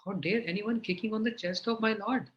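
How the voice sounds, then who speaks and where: A man's voice: high voice, brisk, lo-fi sound, voice pushed up, close to an everyday voice. A man playing a devoted goddess wife who is indignant. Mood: shocked. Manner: shocked, indignant.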